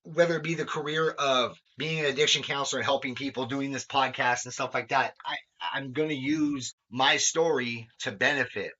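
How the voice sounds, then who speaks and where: A man's voice: medium pitch, fairly even intonation, moderate pace, hardly any pauses, sharp tone. A young man hosting a podcast, talking candidly in a rambling way with lots of fillers and swearing. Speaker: podcast host. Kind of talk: candid conversational chat. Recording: dull lo-fi sound.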